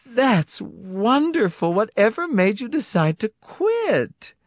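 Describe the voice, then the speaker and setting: A man voicing a wife in a high, surprised voice. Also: sing-song, slow pace, no room sound, studio quality, full character voice. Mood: hopeful surprise. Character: wife, woman, cheerful then hopeful.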